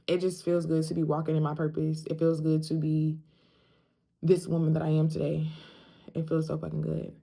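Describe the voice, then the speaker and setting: Young woman venting on her vlog, slangy and emphatic, lowish voice. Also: completely flat delivery, normal speed, gravelly, mellow, slightly rough. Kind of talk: casual self-talk vlog.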